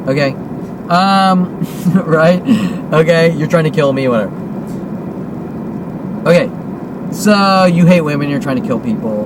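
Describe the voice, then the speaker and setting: A man's voice: high-pitched, noisy background. A man of about fifty delivering a heated, accusatory monologue, swearing often and repeating himself. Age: 50s. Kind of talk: agitated monologue rant to camera.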